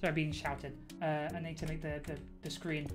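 Young woman streamer, lowish voice, giggly rambling live gameplay chatter at a desk mic. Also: little pitch movement, moderate pace, over music. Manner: rambling, giggly, self-mocking, many fillers. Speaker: Twitch streamer.

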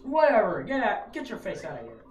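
A woman's voice: mid-range voice, wildly swooping pitch, fairly quick, a little mellow, highs cut off. A woman gaming with a friend, teasing, swearing and laughing as she plays. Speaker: gamer. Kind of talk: casual banter while playing a video game. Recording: echoey room from far off with music.

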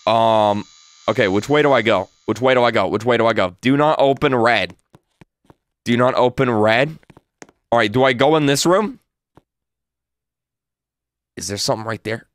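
A man's voice: medium pitch, normal speed, pauses often, no room sound. A man playing a horror game and commenting, muttering nervously and repeating himself. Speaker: gaming YouTuber. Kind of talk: let's play commentary.

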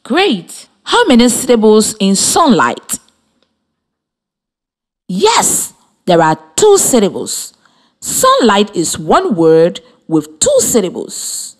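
A woman with a Liberian English accent, teaching a scripted radio lesson for children and spelling words out slowly letter by letter. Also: mid-range voice, wildly swooping pitch.

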